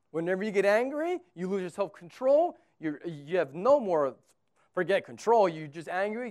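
A man from Texas preaching a sermon as pastor, talking conversationally and swinging between loud emphatic bursts and quiet low lines. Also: very animated, normal speed.

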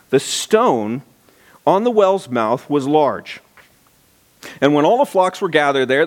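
A male pastor preaching a sermon, telling the story with animation and reading scripture aloud. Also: mid-range voice.

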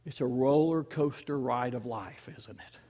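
A man in his fifties preaching a sermon as pastor, swinging between loud emphasis and hushed, near-whispered lines. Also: medium pitch, a little slow. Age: 50s.

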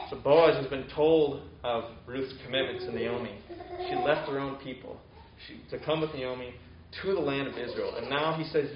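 A man delivers a sermon in a casual, conversational tone, paraphrasing scripture with everyday asides. His voice sits at a middle pitch. The recording is roomy and a little dull, with a faint hiss behind it. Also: normal speed. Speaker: preacher. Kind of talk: sermon retelling a Bible story.

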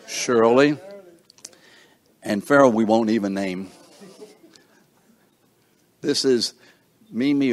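An older man of medium pitch and darkish tone hosts a seniors breakfast, introducing the room's guests one by one. He jokes, teases playfully, and stumbles over names, captured in a dry recording.

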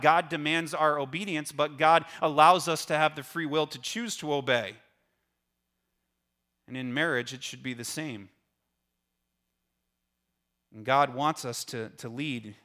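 A man's voice: on the high side, unhurried, pauses often, sharp tone. A middle-aged male pastor preaching a sermon, earnestly explaining a passage and often repeating his words as he goes.

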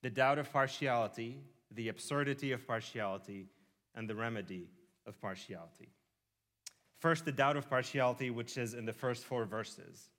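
A man delivers a sermon at a moderate pitch, drawing listeners in with humorous everyday scenes. His preaching moves between wry asides and earnest teaching. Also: moderate pace, a bit bright. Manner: humorous, vivid storytelling with asides. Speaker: pastor.

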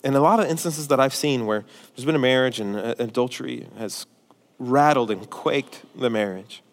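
A male pastor preaching a sermon, forceful and emphatic at times and quiet and pastoral at others. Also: mid-range voice, normal speed. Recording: long hall reverb.

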